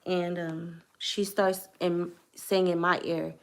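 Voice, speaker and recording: A woman's voice: fairly low pitch, level tone, slow, creaky. A young woman vlogger telling a personal testimony to camera in an earnest, hesitant way, choosing her words carefully.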